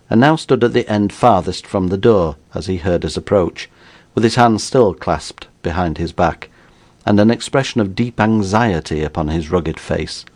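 A man reading an audiobook in a measured storytelling manner. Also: sits low, a little mellow. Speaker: narrator.

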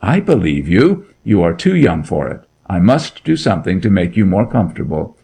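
A man's voice: sits low, very animated, moderate pace, vocal fry, dark tone, husky, exaggerated voice. A man reading a story aloud, voicing a grim and menacing duke who interrogates with cold authority. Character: grim, menacing nobleman, a middle-aged duke.

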